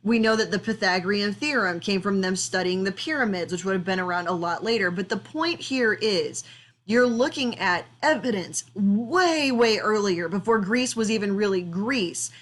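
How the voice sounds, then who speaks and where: A woman's voice: mid-range voice, moderate pace. Conversational woman giving an art history lecture. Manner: conversational, explanatory, with frequent fillers. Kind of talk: recorded classroom lecture.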